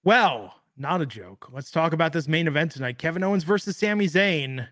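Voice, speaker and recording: A man's voice: a little high, lively intonation, a little fast, a bit bright, no room sound, clean studio sound. A man co-hosting a casual wrestling talk show, chatty and opinionated, rambling with lots of filler words. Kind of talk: casual podcast chat.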